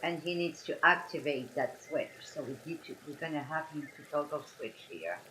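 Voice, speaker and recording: A young Frenchwoman with a deep voice and French accent chats casually on a live stream while solving a coding puzzle. She talks at a moderate pace, apologizes a lot, and narrates each step. Background noise is audible.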